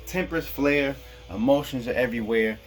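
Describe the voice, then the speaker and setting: A man's voice: mid-range voice, moderate pace, soft background music. A man from Kansas delivering a rambling, profane casual monologue, chuckling at his own jokes. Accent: Black American English. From Kansas, USA. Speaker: vlogger.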